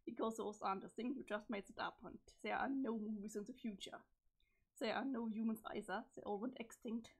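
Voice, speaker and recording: A woman reading as a deadpan teenage boy, husky. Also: on the high side. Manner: flat, measured, unhurried delivery. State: strained, failing voice. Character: deadpan teenage boy from the future, calm and cryptic. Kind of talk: reading a webcomic's chat logs aloud.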